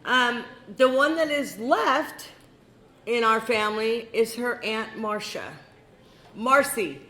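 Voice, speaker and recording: Slow, reminiscing older woman in an echoey hall. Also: fairly high pitch, pushed and bright. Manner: slow, heartfelt, reminiscing with laughs. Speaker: eulogy speaker. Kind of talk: memorial eulogy speech. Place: memorial gathering hall. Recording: echoey hall with faint ambience.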